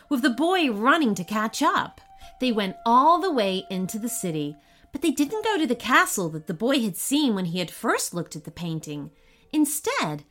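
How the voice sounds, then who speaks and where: A woman reading a children's story aloud with expressive, animated narration. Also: medium pitch.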